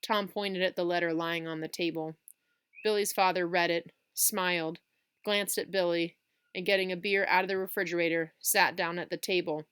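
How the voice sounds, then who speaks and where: A woman reading a children's chapter book aloud, with expressive storytelling. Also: fairly low pitch, normal speed, clear, resonant tone.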